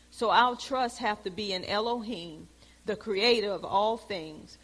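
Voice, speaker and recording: A woman teaching a Bible lesson in a preaching style, telling stories with lively, loud exclamations. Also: medium pitch. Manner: animated storytelling, rises to loud exclamations. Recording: long hall reverb.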